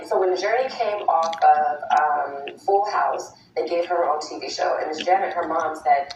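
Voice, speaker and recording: A woman's voice: on the low side, normal speed, few pauses, recorded from a distance. A woman trades stories on a talk-show set, laughing often and acting out the voices in her anecdotes. Her voice carries a roomy studio echo and sits back from the microphone, with faint background hum. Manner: animated, laughing, acts out quoted dialogue. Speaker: actress guest. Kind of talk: casual talk-show storytelling.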